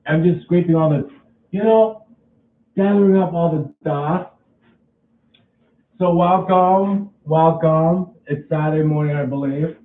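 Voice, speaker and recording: A man with a slightly high voice vlogs casually at home while talking through a chore, recorded from a distance with reverberant, phone-quality sound. He rambles, repeats himself and restarts his sentences haltingly.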